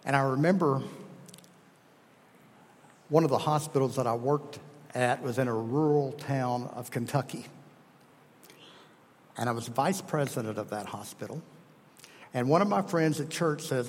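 A man's voice: mid-range voice, unhurried, long pauses, long reverb tail. A middle-aged man preaching a sermon, telling a story earnestly and with emphasis.

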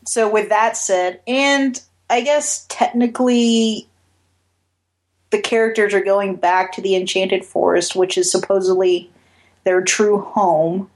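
A woman co-hosting a podcast in casual chat, laying out her points deliberately with a dry, sarcastic edge. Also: mid-range voice, fairly even intonation. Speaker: podcast co-host.

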